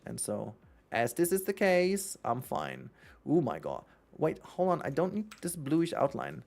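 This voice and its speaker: Rambling German streamer chatting while playing. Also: male voice, a little high, big pitch swings, measured pace, vocal fry, darkish tone. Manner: rambling, chatty, self-correcting, laughs often. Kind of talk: casual livestream gaming chat.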